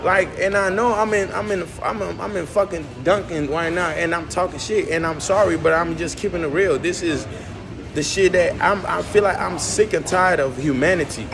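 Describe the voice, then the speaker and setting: A man's voice: sits high, normal speed, creaky. A man vlogging from a coffee shop, rambling and emphatic as he fires off rhetorical questions to his viewers. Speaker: vlogger and musician. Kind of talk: casual rant to camera. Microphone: phone camera.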